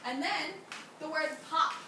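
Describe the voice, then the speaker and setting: A young woman teaches a class in a high, unhurried voice with a sharp tone, encouraging her students and asking them lots of questions. The recording sounds distant in an echoey room, with background noise.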